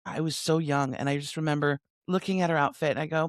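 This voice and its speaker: A woman in her sixties, a coach telling stories as an interview guest on a remote call, lively and laughing often. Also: deep voice, fast, few pauses, no room sound, clean studio sound. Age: 60s. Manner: lively, animated storyteller with frequent laughs. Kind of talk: conversational interview storytelling. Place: home near Sydney, remote call.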